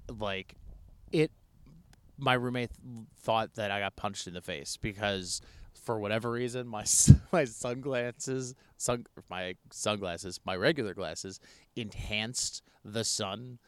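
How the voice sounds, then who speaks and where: A man's voice: on the low side, takes it slowly, clean tone, no room sound. A young man co-hosting a podcast outdoors, chatting casually, rambling and cutting himself off. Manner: rambling, self-interrupting, laughs easily. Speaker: podcast co-host. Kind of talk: casual chat.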